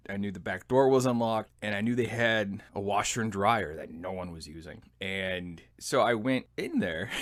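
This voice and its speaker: A man in his thirties, an army veteran, telling his own story as a podcast host in a relaxed, self-deprecating way. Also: on the low side, no room sound, studio quality. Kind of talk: personal memoir storytelling.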